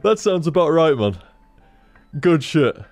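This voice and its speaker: A man's voice: on the high side, big pitch swings, a little slow, darkish tone, soft background music. A young man streaming from home into a desk microphone, rambling casually, swearing freely and chatting to his cat. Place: home room. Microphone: studio microphone on a desk stand.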